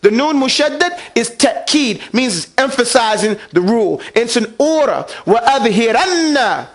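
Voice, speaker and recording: Guy teaching quran recitation to a class, really high voice, quizzes students, has them say it back. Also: expressive, moderate pace, fairly bright tone. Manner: asks the class questions and drills them to repeat. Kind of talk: classroom lesson.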